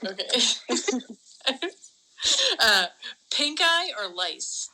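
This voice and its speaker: A woman's voice: on the high side, sing-song, drawn-out words, sharp tone, a little hiss or hum, rough recording. A middle-aged woman on a podcast reads out either-or game questions, giggling between them. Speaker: guest running a quiz game. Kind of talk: casual game hosting.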